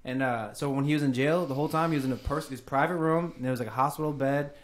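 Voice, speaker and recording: A young man talks fast and loosely with friends on a podcast. His stories ramble along, full of restarts and slangy filler. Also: mid-range voice. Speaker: podcast co-host. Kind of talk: casual chat.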